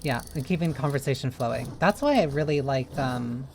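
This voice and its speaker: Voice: medium pitch, brisk, creaky, soft background music. Rambling, chatty streamer. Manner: rambling, loose and chatty, with many fillers. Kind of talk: casual chat while playing a game.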